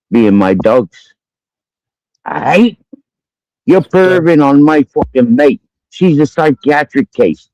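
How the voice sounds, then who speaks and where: A man's voice: mid-range voice, mellow, no room sound. A man with a Cumbrian accent ranting angrily at someone on a livestream, swearing constantly, repeating his accusations and drinking as he talks. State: drinking during the stream. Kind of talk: angry profane rant. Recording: dull lo-fi stream audio.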